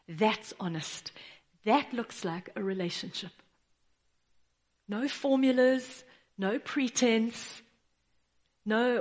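A woman preaching a sermon in an earnest way, rising to firm declarations and dropping to soft, pleading tones. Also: fairly high pitch, very slow, pauses often.

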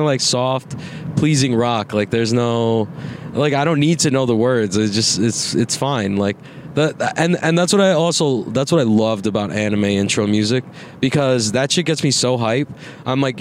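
Riding in a car with faint road noise around him, a twenty-something man chats casually for his podcast at a medium pitch and normal speed. His talk wanders, he curses freely, and he laughs often.

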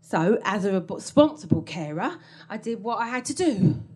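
A woman's voice: mid-range voice, very animated, moderate pace, darkish tone, slight background noise. A woman telling a comic story from her own life on stage, wry and self-mocking, often laughing through her lines.

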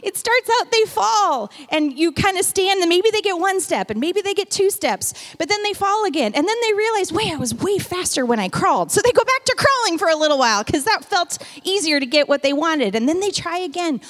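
A middle-aged woman pastor preaching a sermon in a lively, conversational way, acting out quotes as she goes. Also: extremely high pitch, a little fast, few pauses.

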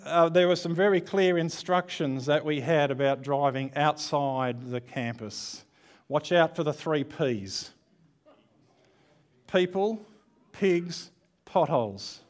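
A man's voice: a little high, unhurried. A man preaching an online church sermon in a conversational, candid way, with self-deprecating asides.

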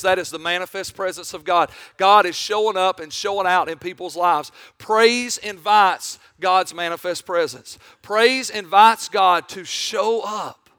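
High, bright-voiced preaching man. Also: no room sound, studio quality. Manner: preaching with rising emphatic bursts and slow drawn-out phrases. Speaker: pastor. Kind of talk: sermon.

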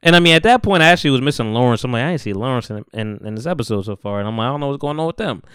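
Slangy man with a very clear voice. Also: medium pitch, lively intonation, very fast, a bit bright, no room sound, studio quality. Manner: slangy, laid-back, acts out characters' lines. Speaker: podcast host. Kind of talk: casual chat, recapping a TV episode.

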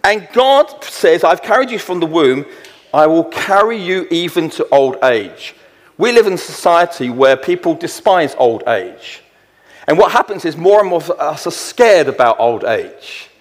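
A middle-aged man preaching a sermon, slowing down to read scripture verses with weight and emphasis. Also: fairly high pitch, expressive. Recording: long hall reverb.

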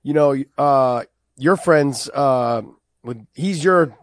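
A man hosting a casual chat, excitable and quick with asides and swearing. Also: mid-range voice, no echo, clean studio sound. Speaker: podcast host.

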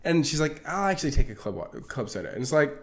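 A man co-hosting a movie podcast, chatting casually and retelling a film's plot in an animated way, acting out the characters' lines. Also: on the high side, quick pace. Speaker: podcast co-host. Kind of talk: casual movie review chat.

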